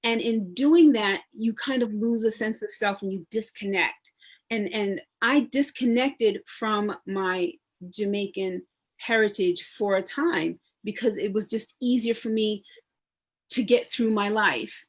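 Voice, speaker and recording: A woman's voice: medium pitch, measured pace. Chatty New woman on a panel. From New York. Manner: conversational, many restarts, lively storytelling. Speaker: public historian and genealogist on a panel. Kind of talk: panel discussion.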